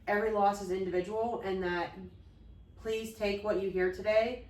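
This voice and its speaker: A woman's voice: medium pitch, steady tone, normal speed, a little mellow, roomy sound, recorded from a distance, rough recording. A woman co-hosting a podcast, talking earnestly and openly about her late father and grief. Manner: earnest, open, loses her train of thought. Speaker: podcast co-host. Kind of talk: heartfelt conversation about grief.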